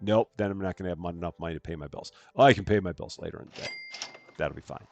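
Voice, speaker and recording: A man's voice: sits low, very fast, a little mellow. A man streaming a game live, chatting through his moves and thanking viewers as he plays. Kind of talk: live gameplay commentary.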